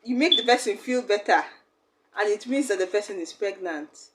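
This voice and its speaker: A woman's voice: mid-range voice, lively intonation, moderate pace, fairly bright tone. A young woman, teaching a language lesson in a chatty, explaining way. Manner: chatty, acts out little quoted exchanges.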